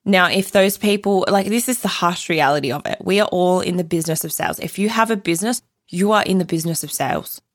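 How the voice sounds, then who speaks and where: A woman's voice: lowish voice, quick pace, hardly any pauses, no room sound, studio quality. A woman hosting a solo podcast, blunt and opinionated, swearing freely as she talks. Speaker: podcast host.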